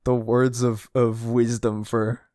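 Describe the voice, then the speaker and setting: A man co-hosting a casual podcast chat, excitable, laughing often and acting out quotes. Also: medium pitch, takes it slowly, dry recording, clean studio sound. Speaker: podcast co-host. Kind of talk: casual chat reviewing a chapter.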